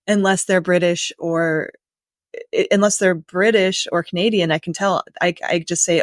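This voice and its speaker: A woman's voice: lowish voice, fairly even intonation, moderate pace, dry recording, studio quality. An American woman hosting a podcast, chatting casually and asking long, thoughtful questions. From United States. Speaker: podcast host. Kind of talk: casual interview chat.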